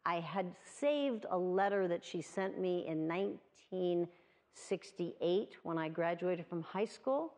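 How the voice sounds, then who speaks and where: A woman's voice: fairly low pitch, expressive, slow pace, darkish tone. A woman in her sixties from the USA, giving an earnest prepared award speech and telling a personal story. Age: 60s. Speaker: award speaker.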